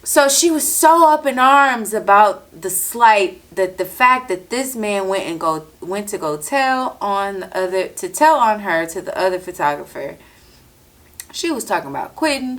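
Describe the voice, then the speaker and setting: Close to the mic, a woman hosting a podcast spins a story in an animated, casual monologue. She swears freely and acts out quotes, her medium-pitched voice moving at a normal speed.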